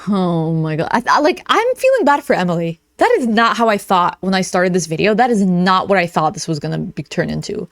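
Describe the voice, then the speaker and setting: A woman giving animated, sarcastic reaction commentary while reading text messages aloud. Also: fairly low pitch, fairly quick, hardly any pauses, no echo, studio quality. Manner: animated, sarcastic, reads texts aloud in mock voices.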